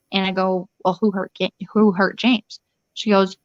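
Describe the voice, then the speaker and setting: A woman at a middle pitch tells her story in an interview, urgent and rushed, restarting sentences and voicing the people she quotes. The sound is dull and lo-fi, with a dry, close feel and no room echo. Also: steady tone, a bit bright. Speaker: interview guest. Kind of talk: recounting a personal ordeal in an interview.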